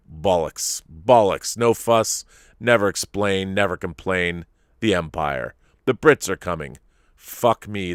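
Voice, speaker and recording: A man's voice: fairly low pitch, a bit bright, clear, resonant tone, no room sound, clean studio sound. An actor playing a slightly drunk former spy from Liverpool in his fifties, giving a rambling, sardonic, sweary confession with a Liverpool accent in an audio drama monologue. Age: 50s.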